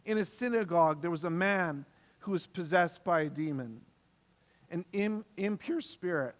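A male pastor with a high, animated voice preaches at normal speed, emphatic and repeating key phrases to drive them home. The sermon takes place in a church hall whose long reverb fills the recording.

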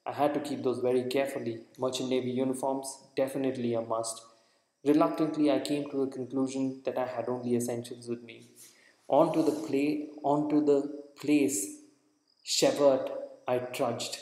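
A man's voice: medium pitch, little pitch movement, normal speed, a little mellow. A man narrating a first-person book aloud in an earnest style, often stopping to restart words. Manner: earnest reading with frequent restarts. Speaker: audiobook reader. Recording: echoey room with long reverb.

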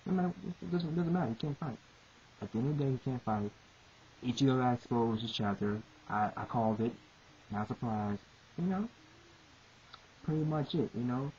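A woman with a low, dark voice rants through exasperated commentary, swearing and circling back to the same complaints again and again. The recording is muffled and lo-fi, with a steady hiss underneath. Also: moderate pace, long pauses. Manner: profane, repetitive, exasperated ranting. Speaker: manga reviewer. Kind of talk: ranting commentary.

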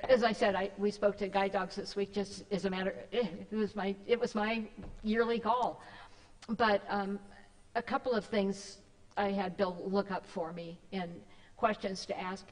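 A woman's voice: medium pitch, a little mellow, big-room sound, low-quality recording. A woman giving a casual, rambling talk to a church group, with many fillers and restarts. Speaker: guest speaker. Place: church hall.

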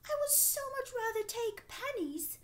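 Woman doing a cheerful poor old woman, shrill squealing exclamations, very high voice, storybook tale. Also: animated, measured pace. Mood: delighted. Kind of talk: storytelling performance.

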